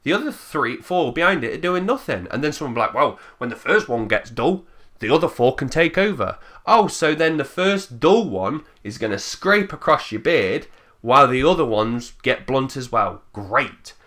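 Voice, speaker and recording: A man's voice: mid-range voice, big pitch swings, moderate pace, a bit bright. A man, the channel's host, ranting bluntly to camera with swearing and mocking impressions of other people. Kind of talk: opinionated rant to camera.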